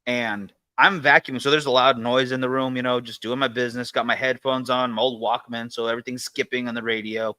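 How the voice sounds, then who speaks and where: A man hosting a casual podcast chat and telling a story in a relaxed way. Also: mid-range voice, a little fast, few pauses, smooth, no echo. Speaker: podcast host.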